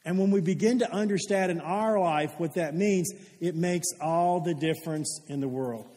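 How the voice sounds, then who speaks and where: A man's voice: fairly high pitch, moderate pace, warm tone. A man preaching a sermon as a pastor, telling stories with earnestness and putting questions to his congregation. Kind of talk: sermon with storytelling. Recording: long hall reverb.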